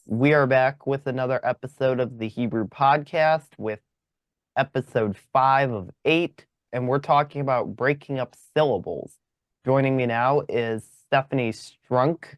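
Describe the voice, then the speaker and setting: A man hosting a podcast, giving a brisk, welcoming introduction to the episode and guest. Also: mid-range voice, no echo. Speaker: podcast host.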